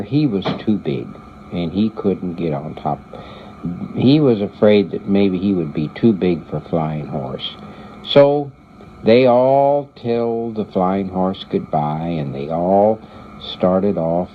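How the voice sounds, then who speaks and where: An older grandfather storyteller speaking very slowly in a lowish voice, pausing and repeating words as he goes. The recording is dull and muffled, with a faint hiss behind him. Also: lively intonation. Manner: unhurried, halting, repeats words. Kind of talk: oral storytelling.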